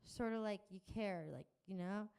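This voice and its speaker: A woman's voice: medium pitch, darkish tone, clean tone, close to an everyday voice. A woman voicing a nervous, stammering fifteen-year-old boy in a dramatic reading. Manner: halting, mumbling, stammering.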